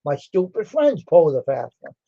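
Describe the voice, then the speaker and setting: A man's voice: a little high, very animated, normal speed, creaky, warm tone, no room sound. Rambling storyteller man, dull lo-fi. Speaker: livestream host. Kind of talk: casual storytelling.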